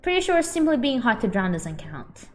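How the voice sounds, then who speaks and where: A woman voicing a strange egg-laying male creature who wrangles birds, speaking in a lowered, dry voice. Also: very animated, moderate pace, faint music behind. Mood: deadpan. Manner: dry, matter-of-fact.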